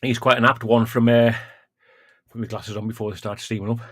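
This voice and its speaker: Male streamer, mid-pitched, chatty, coughing and sighing through hot chilli, dry close sound. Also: little pitch movement, a little fast, dry recording. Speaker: livestream host. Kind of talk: casual livestream chat.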